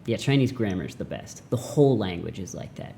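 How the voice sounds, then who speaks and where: Youngish guy doing a chill mandarin lesson, mellow voice, animated and goofy. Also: lowish voice, brisk, vocal fry, slight background noise. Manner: animated, jokey, acts out mock voices. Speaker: language teacher. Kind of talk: casual video lesson.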